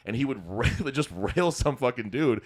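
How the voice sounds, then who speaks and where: A man's voice: medium pitch, lively intonation, moderate pace. A man co-hosting a podcast, telling stories in casual chat, swearing and laughing often. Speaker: podcast co-host.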